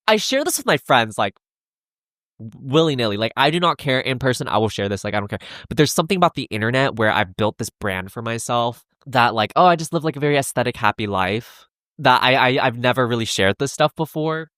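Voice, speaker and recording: A young adult man hosting a solo podcast, talking earnestly in a halting way with many restarts and fillers. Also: medium pitch, fairly bright tone, dry recording, studio quality. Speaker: podcast host. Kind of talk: solo confessional podcast talk.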